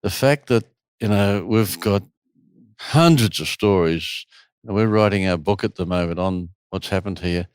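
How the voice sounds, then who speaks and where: A man's voice: low-pitched, unhurried, clean tone, no room sound. A man who runs a retreat, telling a long story in an interview and acting out the people in it. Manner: animated storyteller, acts out quotes. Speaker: retreat host.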